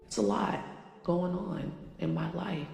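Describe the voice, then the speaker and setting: A woman's voice: fairly low pitch, a little slow, vocal fry, dark tone. A woman in her forties, a spiritual channeler, talking casually and rambling with many fillers. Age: 40s. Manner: rambling, filler-heavy, self-conscious. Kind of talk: casual confessional talk. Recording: echoey room, long reverb, faint music.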